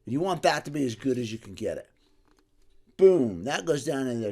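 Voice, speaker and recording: A man giving a casual music lesson, animated and rambling, dropping to a soft voice and rising loud again as he explains. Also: medium pitch, moderate pace. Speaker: music teacher. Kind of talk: casual instructional talk.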